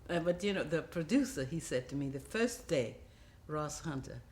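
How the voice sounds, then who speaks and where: Older actress in her seventies recalling her film work, lively and quick to laugh. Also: low-pitched. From United States. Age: 70s. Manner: animated storyteller, laughs often. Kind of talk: reminiscing interview.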